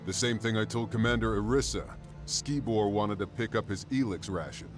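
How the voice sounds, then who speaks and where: A fairly low male voice, curt and firm, as an actor voices a game guard. He brushes off questions with blunt, final statements. Game music runs beneath him. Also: normal speed, lightly acted. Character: defensive male silo guard. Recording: game audio with music behind.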